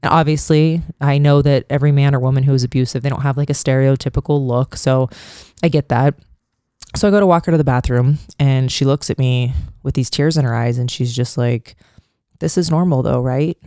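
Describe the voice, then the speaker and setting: A man's voice: medium pitch, steady tone, brisk, dark tone, clean tone, dry recording, studio quality. A man talking casually and frankly in a monologue, swearing often and filling his speech with "like". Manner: frank and profane, many filler likes.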